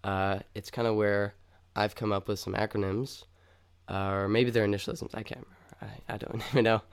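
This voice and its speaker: A man's voice: lowish voice, little pitch movement, a little fast, creaky, clear, resonant tone. A young man co-hosting a casual podcast, chatty and upbeat, rambling with lots of fillers. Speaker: podcast co-host.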